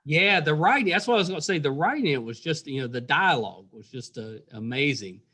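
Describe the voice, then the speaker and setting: A man's voice: a little high, lively intonation, brisk, sharp tone. A man hosting a podcast interview, asking laid-back questions with many fillers. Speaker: podcast host. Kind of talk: casual interview.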